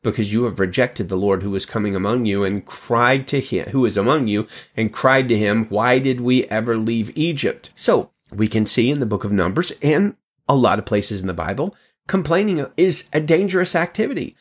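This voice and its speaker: A man's voice: fairly low pitch, lively intonation, brisk. A man hosting a devotional, reading Bible passages aloud and commenting on them in a conversational tone with joking, self-deprecating asides.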